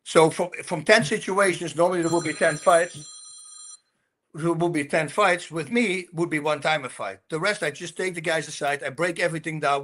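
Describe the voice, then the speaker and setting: A lively man in his sixties with a Dutch accent spins stories as a podcast guest, acting out both sides of the conversation and punching them up with sound words. His voice sits a bit high for a man and comes across bright and forceful. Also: moderate pace. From Netherlands. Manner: animated storyteller, acts out dialogue, sound words like boom and bonk. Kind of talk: storytelling interview.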